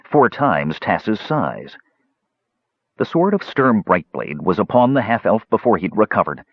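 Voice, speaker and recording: Man narrating a fantasy audiobook, lively delivery, kinda husky, dry muffled sound. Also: fairly low pitch, no room sound. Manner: expressive, dramatic reading.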